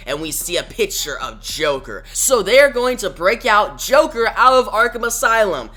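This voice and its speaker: A man's voice: sits high, sing-song, normal speed, hardly any pauses, sharp tone. A man casually recapping a comic book, retelling it with enthusiasm and sound effects.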